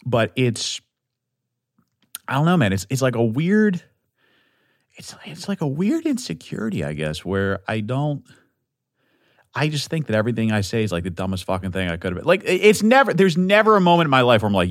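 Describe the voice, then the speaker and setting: A man hosting a solo podcast, rambling and swearing freely, self-deprecating, swinging between loud outbursts and low mumbling. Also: very animated, a little fast, dry recording, clean studio sound. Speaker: podcast host.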